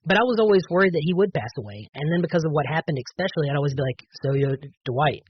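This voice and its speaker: A man's voice: fairly high pitch, lively intonation, very fast, husky, dull audio. A man on a podcast telling a personal testimony, earnest and full of fillers and restarts. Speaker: podcast guest.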